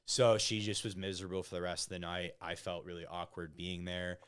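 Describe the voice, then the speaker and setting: A low-pitched man recounts personal stories as a podcast guest in a loose, chatty way. His voice is smooth and resonant, and he keeps checking in with "right?" as he talks. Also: flat delivery, fairly quick, a bit bright. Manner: conversational, peppers stories with "like" and "right?". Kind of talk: casual interview storytelling.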